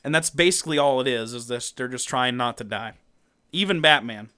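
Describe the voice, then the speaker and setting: A man co-hosting a podcast, recapping a comic in casual chat, animated, laughing often and swearing freely. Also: medium pitch, a little fast. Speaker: podcast co-host.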